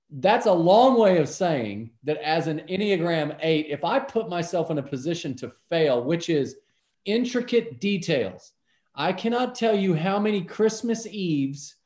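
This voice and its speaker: Middle-aged man, guest storyteller, lively acted-out voices, slightly high voice, roomy echo. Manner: animated storyteller, acts out voices. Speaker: podcast guest, businessman. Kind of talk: storytelling in a casual interview.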